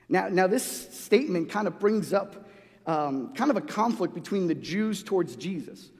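A man's voice: high-pitched, expressive, normal speed, a little mellow. A man preaching a sermon in a loose, conversational way, restarting phrases often and acting out the voices he quotes. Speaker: pastor. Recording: long hall reverb.

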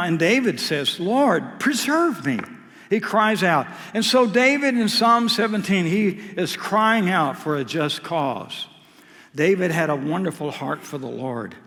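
A male preacher delivers an impassioned sermon in a high voice. He surges to loud, emphatic peaks and then sinks into soft, low asides. The long reverb of a large church hall trails every phrase.

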